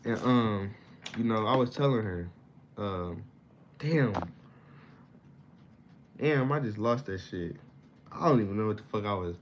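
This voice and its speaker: A man's voice: on the low side, expressive, a little slow, pauses often. Young man, casual profane rant, dull lo-fi sound, faint hiss. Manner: slangy, profane, rambling with sudden loud bursts. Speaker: vlogger.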